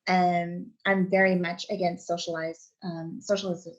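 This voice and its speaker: A woman's voice: lowish voice, level tone, moderate pace. A woman author answering interview questions over a video call, earnest and hesitant, with many ums. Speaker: author, guest. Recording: dull lo-fi video call audio.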